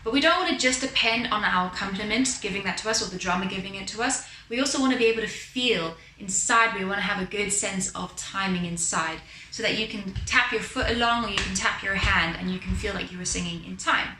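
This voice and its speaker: A woman's voice: medium pitch, quick pace, few pauses, pushed and bright, echoey room, slight background noise, low-quality recording. A woman vocal teacher explaining singing technique patiently, often checking in with the listener and breaking into short sung examples. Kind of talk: instructional talk with sung demos.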